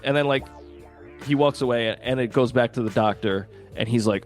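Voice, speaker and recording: A man's voice: mid-range voice, a little fast, soft background music. A man co-hosting a podcast, chatting casually and animatedly, swearing and acting out scenes. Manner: animated, swears, acts out quotes. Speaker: podcast co-host. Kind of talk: casual movie chat.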